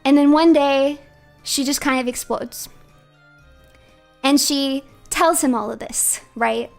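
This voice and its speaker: A female livestreamer chats casually, animated and playful, and laughs often. Her voice sits high, and soft music plays faintly behind her. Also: takes it slowly, vocal fry. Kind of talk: casual chat.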